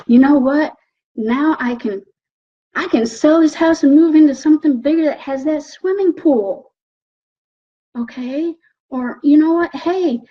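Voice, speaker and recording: A woman giving an animated motivational talk, coaxing the listener and often checking in with "okay?". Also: high-pitched. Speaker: motivational speaker. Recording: dull lo-fi recording.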